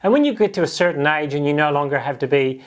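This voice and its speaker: A man preaching a sermon, lively and animated, slipping into quoted voices to make his point. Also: fairly high pitch, fast. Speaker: pastor.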